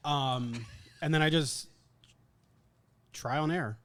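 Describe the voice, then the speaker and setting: A man appearing as a guest barbecue cook in casual chat, soft-spoken and matter-of-fact. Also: a little high, takes it slowly, slight background noise.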